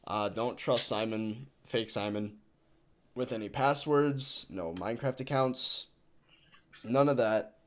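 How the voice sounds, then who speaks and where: A young man hosts a voice chat with his online community. He talks casually in loose restarts, often breaking into laughter, at a middle pitch. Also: slow. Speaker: streamer hosting a voice chat.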